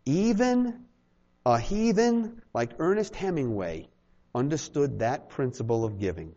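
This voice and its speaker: A man's voice: medium pitch, a little slow, muffled recording. A man preaching a sermon to a small congregation, acting out little dialogues and joking with the room. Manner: animated, acts out little dialogues, jokes with the congregation. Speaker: pastor.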